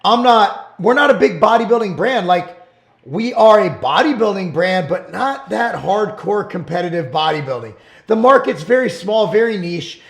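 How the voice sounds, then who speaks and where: A middle-aged man hosting his own show, talking bluntly and emphatically in a casual monologue, sometimes rising to shouts. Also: high voice, animated, normal speed, creaky. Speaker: show host and supplement business owner. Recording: roomy echo.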